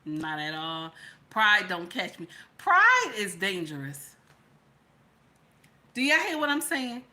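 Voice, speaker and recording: A middle-aged woman runs a commentary channel, preaching to her viewers and repeating her points as her volume swings from loud to hushed. Her mid-range voice has a sing-song quality, and she takes her time.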